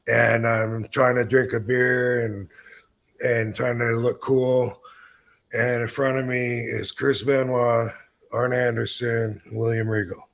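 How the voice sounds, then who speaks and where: A man's voice: mid-range voice, little pitch movement, slow, gravelly, a bit bright, slight background noise. A man in his fifties hosting a podcast, telling a story in a laid-back, rambling way and swearing freely. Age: 50s. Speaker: podcast host. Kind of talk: casual storytelling.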